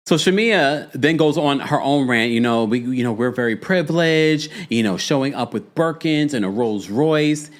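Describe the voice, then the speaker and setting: Man, host, casual commentary, lively pitch, laughing reactions. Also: measured pace. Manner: animated, laughing, reads fan messages aloud and reacts. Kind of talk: casual commentary, reading viewer super chats.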